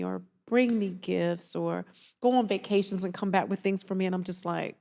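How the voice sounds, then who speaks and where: Gravelly-voiced woman therapist guest. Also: mid-range voice, measured pace, darkish tone. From Atlanta, Georgia. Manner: earnest, reflective, emotional storytelling. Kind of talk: casual interview chat.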